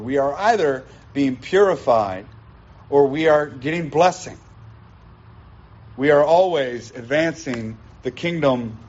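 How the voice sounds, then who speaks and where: A man's voice: a little high, a little mellow. A man preaching a sermon as pastor, emphatic and teaching, repeating his key points. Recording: dull lo-fi sound.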